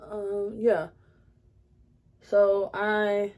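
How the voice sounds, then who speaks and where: A woman's voice: mid-range voice, completely flat delivery, extremely slow, darkish tone. A young woman vlogging at her makeup area at home, chatting candidly with lots of fillers. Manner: rambling, many fillers, candid. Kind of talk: casual confessional chat.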